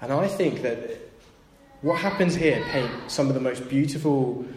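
A man's voice: medium pitch, a little slow, background noise. A man delivers a sermon, retelling a parable and slipping into the voices of its people. His voice rings through a large, echoey hall with faint ambience behind it. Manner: storytelling, acts out voices of the story's characters. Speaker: preacher.

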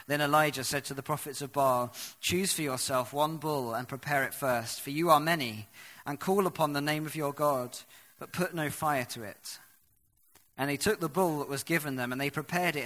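A man preaching a sermon, reading scripture aloud and explaining it, swinging from hushed to loud. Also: on the high side.

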